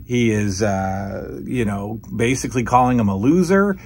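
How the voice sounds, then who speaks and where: A man's voice: on the low side, a little slow, slightly rough. Casual man commenting over old footage. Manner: excited, acts out quoted lines loudly. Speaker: retro wrestling reviewer.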